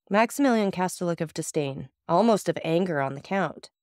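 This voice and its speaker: A woman narrating a classic novel as an audiobook, in a steady, expressive reading. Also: lowish voice, a little fast, hardly any pauses, dry recording, studio quality. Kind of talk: scripted narration.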